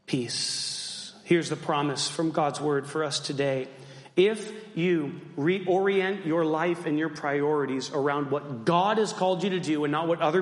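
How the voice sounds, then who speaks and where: High-voiced pastor preaching in an echoey church. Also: male voice, fairly bright tone. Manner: humorous, self-deprecating asides to the congregation. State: voice still weak after losing it. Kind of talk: sermon. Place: church sanctuary.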